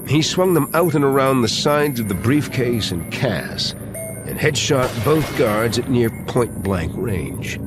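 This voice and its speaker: A man reading a thriller audiobook in an expressive, dramatic manner. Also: medium pitch. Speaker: audiobook narrator. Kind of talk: scripted thriller narration.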